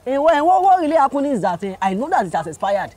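A man's voice: extremely high pitch, big pitch swings, quick pace. A man with a Nigerian accent playing a flustered older driver who stammers and pleads with a policeman in a comedy skit. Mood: pleading.

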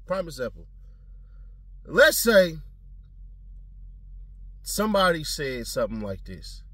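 A man's voice: fairly high pitch, very animated, takes it slowly, bright, forceful tone, husky, no echo. A man giving blunt, slangy, profane commentary in a casual talking style.

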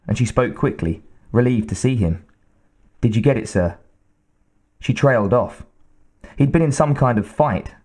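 Steady male audiobook narrator. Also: medium pitch. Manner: measured, steady reading.

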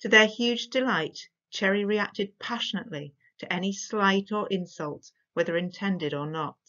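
Woman, storybook narration, measured, expressive, mid pitch, dull lo-fi recording. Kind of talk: storybook reading.

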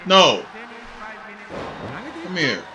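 A young man giving casual gameplay commentary, cursing and shouting at the game as he plays. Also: a little high, big pitch swings, drawn-out words, lo-fi sound, a little hiss or hum. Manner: loud, swearing outbursts at the game. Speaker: gaming channel host. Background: game music.

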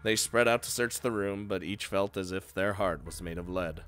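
A man's voice: low-pitched, normal speed, a bit bright. Young man reading a game aloud, joking. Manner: joking, swears, laughs between lines. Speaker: let's play player.

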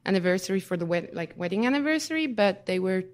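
A woman with a middle-pitched voice talks casually on a podcast panel. She leans on "like" and slips into sing-song, mock-cheery quotes of what others say. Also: expressive, quick pace. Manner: chatty, lots of "like", mock-cheery quoting.

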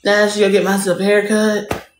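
A woman's voice: mid-range voice, level tone, a little fast. A woman chatting casually and playfully on a livestream, joking and cursing at her viewers. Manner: playful, profane, talks straight to the chat. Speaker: livestream host. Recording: echoey room, faint noise.

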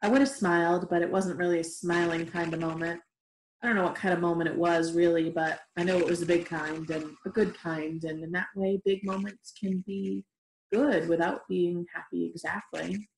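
A woman reading a novel aloud in a steady, gentle way, in an echoey room. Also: lowish voice, moderate pace, vocal fry, a little hiss or hum. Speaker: reader. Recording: roomy echoey room recording.

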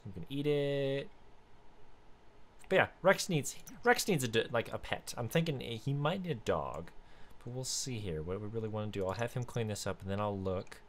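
A man hosting a casual let's-play, chatting through his game and now and then bursting into excited high squeals. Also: normal speed. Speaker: gaming video host.

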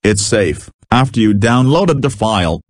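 Low-voiced man giving a casual tutorial. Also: animated, no echo, clean studio sound. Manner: slow, plain, slightly halting. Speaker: channel host.

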